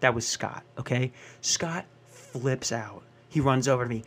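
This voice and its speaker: Young guy doing standup, mid-pitch voice, swears a lot, keeps doing the voices of people in his stories. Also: normal speed, few pauses, a bit bright. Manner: profane, exasperated, acts out characters. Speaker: stand-up comedian. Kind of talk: stand-up storytelling.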